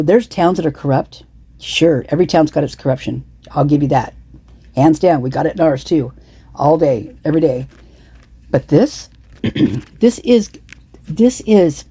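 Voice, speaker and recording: Indignant, rambling woman, dark and husky. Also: low voice, dry recording. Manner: indignant, repetitive, many restarts and asides. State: has the hiccups. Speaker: true-crime commentary vlogger. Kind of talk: casual rambling commentary.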